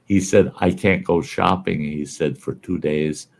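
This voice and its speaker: Host, male, very low gravelly voice, folksy storyteller. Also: steady tone, a little slow. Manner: folksy anecdote teller, laughs at his own stories. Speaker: podcast host. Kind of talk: casual storytelling chat.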